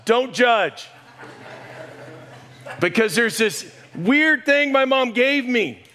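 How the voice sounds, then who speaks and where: Animated preacher with a higher voice. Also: male voice. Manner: animated storytelling with sudden raised exclamations. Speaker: pastor and high school coach. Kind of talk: sermon.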